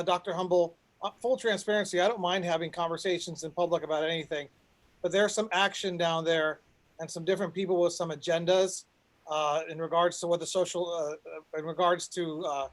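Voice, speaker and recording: Man, high voice, panel host, rambling, restarts a lot, video call mic. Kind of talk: online panel moderation.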